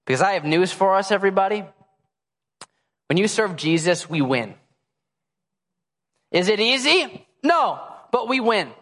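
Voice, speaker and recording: A man's voice: high voice, very animated, a little slow, long pauses, fairly bright tone. A pastor in his thirties preaching a sermon to a congregation, telling family stories in a playful, self-mocking way and acting out his children's demands. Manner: acts out a baby's and a toddler's demands. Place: church hall before a congregation. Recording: long church hall reverb.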